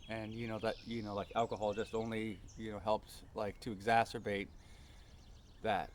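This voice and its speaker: A man's voice: on the low side, flat delivery, normal speed. Male vlogger, earnest, rambling personal storyteller, outdoor feel with faint background noise. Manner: earnest, rambling, many fillers.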